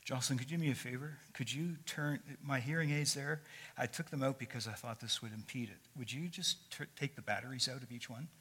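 A man's voice: medium pitch, brisk, husky. Older man preaching in an echoing hall. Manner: warm, conversational storytelling with frequent fillers. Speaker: guest speaker. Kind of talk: sermon. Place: church sanctuary. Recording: long echo of a large hall.

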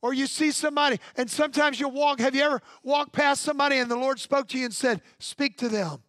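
Man preaching a sermon, very high voice, dry close sound, punchy repeated phrases, call-and-response. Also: steady tone, fast talker, a bit bright, dry recording. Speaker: pastor.

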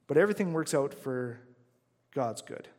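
Man, mid-pitch pastor, earnest conversational sermon delivery, long hall reverb. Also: lively intonation, moderate pace, darkish tone. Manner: earnest, conversational preaching with frequent "right?" asides.

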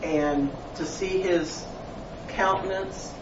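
A man in a Bible study group shares a story in an earnest, halting way. He sounds far from the mic in an echoey room, with clear background noise over the dull, lo-fi sound. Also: high voice, steady tone. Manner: earnest, hesitant, repeats himself. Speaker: class member. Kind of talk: casual group discussion. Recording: distant, roomy, noisy lo-fi.

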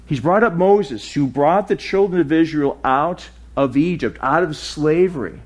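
A man preaching a sermon, with lively swings in pitch and loudness, dropping low and soft for emphasis. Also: a little slow. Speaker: pastor.

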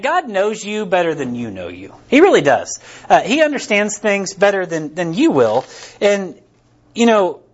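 A man's voice: high voice, husky. A man preaching a casual sermon, rambling and conversational, with many fillers and restarts. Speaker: pastor. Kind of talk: casual sermon with personal stories. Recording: dull lo-fi recording.

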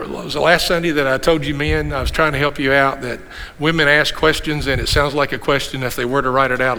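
Older pastor guy in his 60s, fairly high bright voice, preaching in a big echoey church hall. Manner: animated preaching with rhetorical questions and repeated refrains. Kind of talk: sermon. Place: church sanctuary. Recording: long hall reverb in a church.

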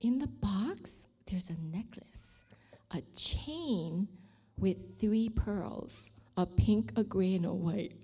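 Speaking slowly and expressively, this woman has a medium-pitched voice that sounds dark and a bit rough. As a ministry leader, she shares her personal faith testimony with feeling, occasionally sinking to a near-whisper when the story turns dramatic.

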